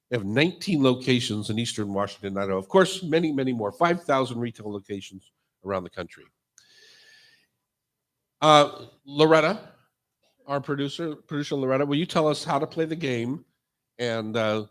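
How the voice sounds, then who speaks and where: A man hosting a live radio cooking show in front of a studio audience, joking loosely and reading sponsor plugs off the cuff. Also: medium pitch.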